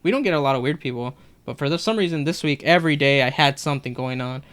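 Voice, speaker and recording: Young man telling work stories, smooth voice. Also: on the high side, quick pace. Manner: animated, acts out customers' lines in retelling. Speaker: podcast co-host. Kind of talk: casual storytelling chat.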